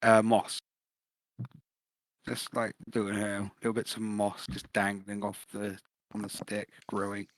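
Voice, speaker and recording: Male player, slow and flat, hesitant, dry close sound. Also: on the low side, dry recording, low-quality recording. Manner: hesitant, searching for words. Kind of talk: describing his character in a tabletop game.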